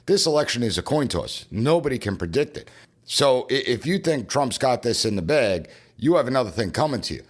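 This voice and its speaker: A man's voice: medium pitch, very animated, fairly quick. Man, podcast host, political commentary, emphatic, punchy delivery, mid-range voice. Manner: emphatic, punchy, repeating for effect.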